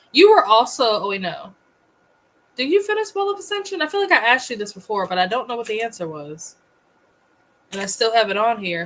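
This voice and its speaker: A woman's voice: mid-range voice, a bit bright, slight background noise, poor audio. Chatty woman hosting a livestream. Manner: chatty, laughs often, greets viewers. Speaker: livestream host. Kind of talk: casual livestream chat.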